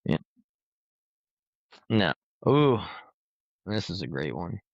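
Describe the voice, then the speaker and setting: Male podcast host, low voice, profane rambling storyteller, dull lo-fi sound. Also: sing-song, slow, dry recording. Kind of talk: casual storytelling chat. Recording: dull lo-fi recording.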